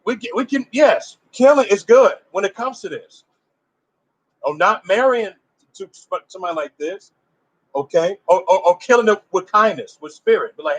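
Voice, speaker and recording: A man's voice: sits high, lively intonation, moderate pace, poor audio. A man giving an informal religious teaching in an emphatic, conversational way, pressing his listeners with rhetorical questions. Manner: loose conversational phrasing with restarts.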